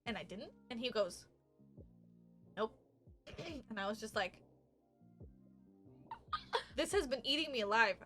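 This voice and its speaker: Young adult woman, podcast co-host. High, bright, animated storyteller. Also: unhurried, pauses often, soft background music. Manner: animated, laughs often, acts out quotes loudly. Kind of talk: casual storytelling chat.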